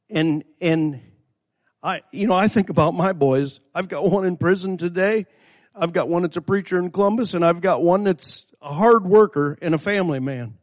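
A man's voice: sits high, normal speed, a little mellow. A middle-aged man preaching a sermon. He retells a story in a folksy way, repeats himself, and rises to fervent emphasis. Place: church sanctuary. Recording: long hall reverb.

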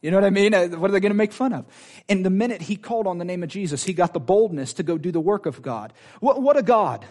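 A man preaching a sermon, animated and personal, often laughing and restarting his sentences. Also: sits high, quick pace.

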